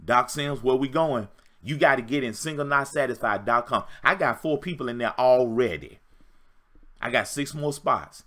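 Man, fifties, relationship coach, preachy livestream pep talk, forceful bright tone. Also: medium pitch, normal speed. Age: 50s. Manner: emphatic, repetitive, preachy exhortation.

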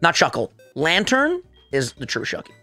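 An excitable man giving casual play-by-play of a video game match, trash-talking his opponent. His voice swoops all over and sounds bright and forceful. He sits a little high for a man. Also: faint music behind. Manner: excitable, trash-talking, quick pitch jumps. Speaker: co-host gamer. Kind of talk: casual gaming commentary.

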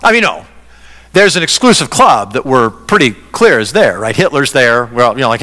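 Bright-voiced pastor preaching in an echoey church. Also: male voice, medium pitch, moderate pace. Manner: conversational preaching, animated, acts out quoted voices. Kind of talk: sermon. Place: church sanctuary. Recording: reverberant church hall.

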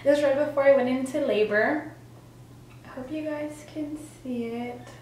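A woman's voice: high-pitched, normal speed, a little mellow, very echoey, distant mic, a little hiss or hum, rough recording. A young woman vlogger telling her personal story in a chatty way, with lots of fillers and acted-out quotes. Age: young adult.

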